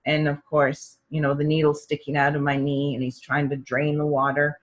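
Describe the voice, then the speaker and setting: Middle-aged woman chatting about her illness, lively, does everyone's voices. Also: low voice, normal speed, few pauses, rough recording. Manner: animated, acts out quoted voices of doctors and parents. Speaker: storyteller sharing her experience. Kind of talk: personal health story, conversational.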